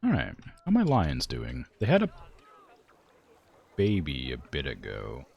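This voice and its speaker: A man's voice: a bass voice, wildly swooping pitch, a little slow, gravelly, husky, dull audio. A man streaming a zoo game, rambling in casual commentary, talking to the animals and filling gaps with "like". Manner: rambling, talks to the animals, many "like" fillers; tired, yawning.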